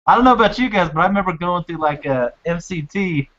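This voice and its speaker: Male co-host, profane storyteller, high animated voice, dull mic. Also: fast talker. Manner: rambling anecdotes, heavy swearing. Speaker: podcast co-host. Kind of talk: casual chat. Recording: dull lo-fi sound.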